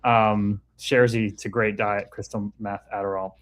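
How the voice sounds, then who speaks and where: A man's voice: lowish voice, flat delivery, moderate pace, a bit bright. Casual, candid male livestream host. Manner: candid, swears freely, reads viewer comments aloud. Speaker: livestream host reading chat.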